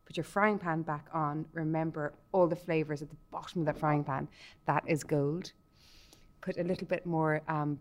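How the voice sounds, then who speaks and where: A woman guest in casual chat, enthusiastic, talking through food and a recipe step by step with many restarts. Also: low-pitched.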